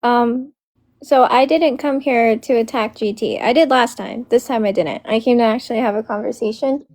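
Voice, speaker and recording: A woman with a somewhat high voice speaks up in a live stream discussion. She talks quickly and sincerely as she sets out her side. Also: darkish tone.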